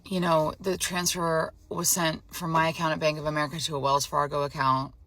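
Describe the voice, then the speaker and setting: Nearly in tears and clearly exhausted, a young adult vlogger relates to the camera how a phone scammer tricked her, repeating what was said in a flustered, emotional way. She talks a little fast in a low, slightly bright voice with little pitch variation, and the recording is dry.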